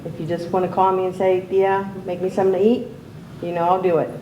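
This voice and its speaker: A woman's voice: on the low side, flat delivery, fast, echoey room, muffled recording, a little hiss or hum. A woman telling a casual story as an aunt speaking at a memorial gathering. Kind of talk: informal memorial tribute.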